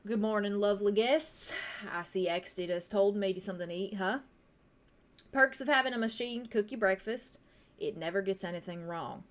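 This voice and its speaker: A woman voicing a grieving middle-aged male scientist who talks in a courteous, measured and coaxing way. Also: medium pitch, close to an everyday voice. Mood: smug.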